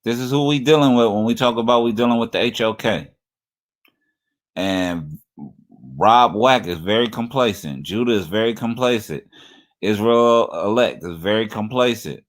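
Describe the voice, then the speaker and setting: A man's voice: lowish voice, normal speed. A man giving sarcastic, taunting reaction commentary on a livestream clip. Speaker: stream commentator.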